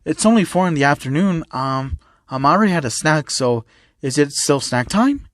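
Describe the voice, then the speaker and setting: A man's voice: on the high side, expressive, normal speed, no echo, clean studio sound, lightly acted. A man reading as an eager naive cat boy. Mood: shy, confused. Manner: eager, childlike, stammering "um".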